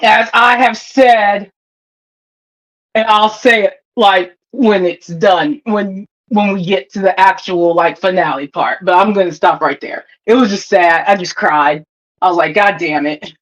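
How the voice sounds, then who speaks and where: A woman's voice: mid-range voice, unhurried, low-quality recording. A woman co-hosting a TV review in casual chat, emphatic and swearing a lot, acting out her reactions. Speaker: co-host of a TV review show.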